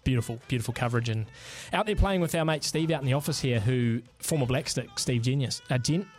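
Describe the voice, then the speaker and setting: A man's voice: mid-range voice, fast, darkish tone, faint music behind. A man co-hosting a sports radio show, telling rambling stories in casual banter. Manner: chatty, rambling storyteller. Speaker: radio co-host.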